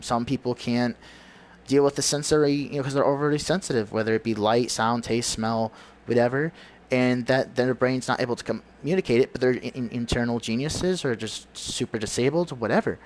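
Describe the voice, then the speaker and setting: A man giving a rambling, preachy monologue on his livestream, often searching for words. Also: mid-range voice. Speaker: livestream host.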